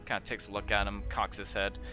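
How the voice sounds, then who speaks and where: A man's voice: lowish voice, monotone, fast, music in the background. A man narrating a tabletop game as game master, in a loose, casual way.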